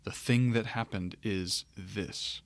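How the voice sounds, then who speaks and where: A man teaching a lesson on grammar, talking it through in a relaxed way, with pauses and restarts. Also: lowish voice, dry recording. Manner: relaxed, thinking aloud with fillers and restarts. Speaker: Greek teacher. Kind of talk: lecture.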